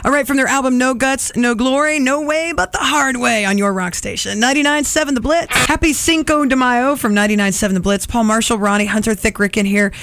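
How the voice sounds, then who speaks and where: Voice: mid-range voice, brisk, hardly any pauses, fairly bright tone, a little hiss or hum. A radio co-host reading out station announcements and listener texts with upbeat banter. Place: radio studio. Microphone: studio microphone.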